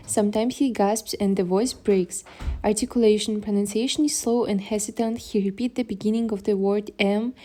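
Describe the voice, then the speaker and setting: Mellow-voiced woman reading class notes. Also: mid-range voice. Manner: reads slowly from notes, occasional restarts. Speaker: student presenter.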